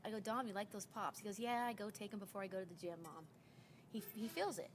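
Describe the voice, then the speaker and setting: A woman's voice: mid-range voice, quick pace, slight background noise. A woman in her forties chatting casually as a recruiter sharing sales tips, telling stories and acting out the dialogue she quotes. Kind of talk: casual chat.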